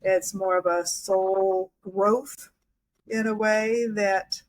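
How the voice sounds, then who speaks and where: A woman's voice: mid-range voice, fairly even intonation, extremely slow, low-quality recording. A woman speaking as a podcast guest, a hypnotherapist and life coach, talking reflectively with frequent restarts and fillers. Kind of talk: casual interview talk.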